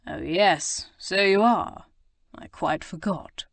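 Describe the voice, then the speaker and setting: A roguish young Regency lord, as a woman reads him, drawls his teasing with mock innocence. The voice sits low and the recording is dry and close. It suits an audiobook romance. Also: slow, vocal fry, no room sound.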